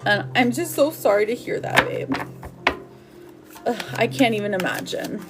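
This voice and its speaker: Loud music plays under this woman's slightly high, moderately paced voice as she reads tarot live. She chats affectionately, addressing viewers as babe and sweetheart, with plenty of "like" and laughter.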